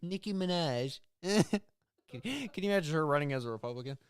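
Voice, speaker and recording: A man's voice: a little high, animated, a little fast, noisy background. A man co-hosting a casual podcast, reading news headlines aloud and joking, laughing often. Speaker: podcast co-host.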